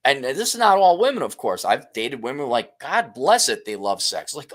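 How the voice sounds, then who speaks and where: A middle-aged man talks off the cuff on a livestream, blunt and quick to swear. His pitch swoops around a lot as he reacts, and he breaks into laughter often. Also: big pitch swings, a bit bright. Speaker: livestream host reading super chats. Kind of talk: casual livestream commentary.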